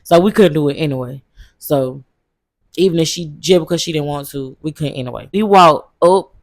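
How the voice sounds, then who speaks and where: A woman's voice: sits low, normal speed, dry recording. A woman vlogger casually telling a travel story, loose and slangy with lots of fillers.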